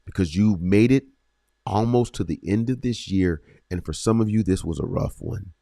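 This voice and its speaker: A man hosting a faith podcast, speaking earnestly with repeated phrases and slow, emphatic pauses. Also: low voice, creaky, mellow, no room sound, studio quality. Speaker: podcast host. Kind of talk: encouraging faith podcast talk.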